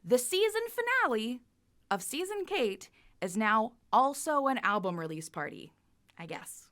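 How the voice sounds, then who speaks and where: A woman's voice: fairly high pitch, big pitch swings, fairly bright tone. A woman in her thirties hosting a livestream variety show from home in a playful, campy manner. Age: 30s. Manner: playful, campy and quick-witted. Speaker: host. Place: home studio.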